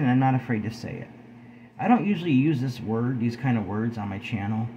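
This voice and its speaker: Earnest preachy man with a lively voice. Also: mid-range voice, slight background noise, rough recording. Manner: earnest, preachy, keeps addressing viewers as guys. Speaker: video host. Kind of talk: earnest spoken vlog talk.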